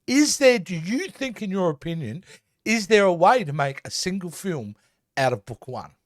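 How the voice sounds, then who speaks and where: A man with a notably high, lively voice chats as a podcast co-host. He was recorded close on a dry mic with no room sound, and his delivery is reflective and questioning. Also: moderate pace, no room sound. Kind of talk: casual podcast chat.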